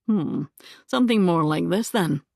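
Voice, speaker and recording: A woman voicing a wry, smitten young gentleman who speaks in a dry, understated way. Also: fairly low pitch, expressive, measured pace, gravelly, no echo.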